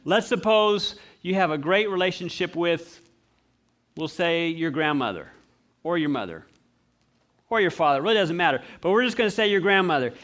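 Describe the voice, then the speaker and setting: High-voiced man preaching. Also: normal speed. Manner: animated storyteller acting out voices. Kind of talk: sermon.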